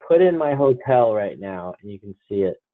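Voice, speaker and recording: A man's voice: lowish voice, sing-song, moderate pace, no room sound. A man with a New Jersey accent, co-hosting a casual podcast from a hotel room and talking chattily with lots of "like". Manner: chatty, heavy use of "like". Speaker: podcast co-host. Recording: tinny phone-line sound, dry.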